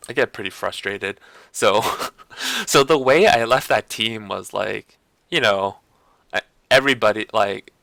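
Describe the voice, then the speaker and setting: Low-ish guy on stream just rambling, lots of likes and you knows, bright forceful tone, dry sound. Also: creaky, dry recording. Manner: rambling, restarts sentences and repeats himself; heavy use of like and you know. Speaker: gaming streamer. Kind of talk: casual chat.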